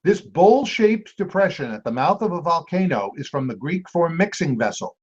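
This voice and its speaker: A man hosting a trivia quiz, reading clues aloud and repeating each one slowly. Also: a little high, very animated, breathy edge. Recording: dull lo-fi amateur recording.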